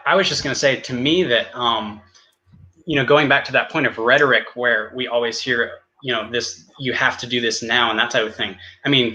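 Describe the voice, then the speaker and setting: Bright-voiced man debating fast. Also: mid-range voice, dull audio. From United States. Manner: rapid, halting, many restarts. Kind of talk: online debate, cross-examination.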